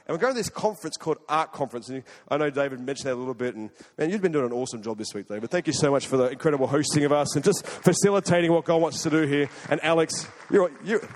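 An Australian man preaching in a lively, storytelling way, his voice a touch higher than most men's. He talks at a quick clip, and the sound rings out with a long hall reverb. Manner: animated, conversational, jumps between loud and hushed. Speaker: guest preacher. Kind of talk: sermon with storytelling.

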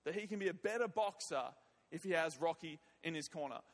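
A man's voice: on the high side, animated, fairly quick. A man preaching a sermon and leading prayer, emphatic and often repeating words and phrases. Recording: long reverb of a large hall.

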